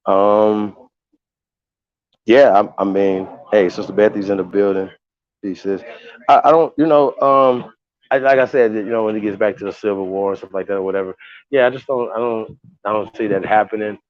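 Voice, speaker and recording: A man hosts a livestream, speaking casually to viewers in a low voice. He rambles and swears heavily, restarting often as he gets heated. The sound is dry and dull, with a lo-fi quality. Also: fairly even intonation, normal speed, no echo. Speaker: livestream host.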